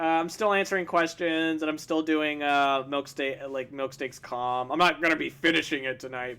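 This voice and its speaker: Bright-voiced young man chatting on stream. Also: fairly high pitch, smooth. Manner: rambling, self-deprecating, with frequent fillers and restarts. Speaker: streamer and artist. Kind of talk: casual chat while drawing on stream.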